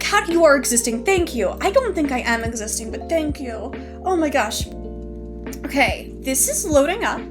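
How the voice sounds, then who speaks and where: A woman streamer chatting casually, rambling and excitable, jumping from one thought to the next. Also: sits high. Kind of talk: casual live-stream chat.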